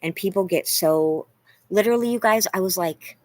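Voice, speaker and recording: A vlogger talks to her live chat in a fairly low voice, a little fast, casual and emotional. She rambles and confesses, saying "you guys" and "like" constantly.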